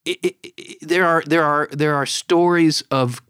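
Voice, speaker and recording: A middle-aged man co-hosting a podcast, telling stories in an animated way and repeating words when excited. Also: a little high, unhurried, clear, resonant tone, no room sound, studio quality. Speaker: podcast co-host. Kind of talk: casual chat and storytelling.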